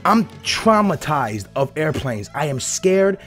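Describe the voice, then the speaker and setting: Hyped high-voiced man vlogging. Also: slow pace, soft background music. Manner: hyped, slangy, profane, animated storytelling. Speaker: gaming YouTuber host. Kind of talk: excited casual vlog chat. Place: at his home.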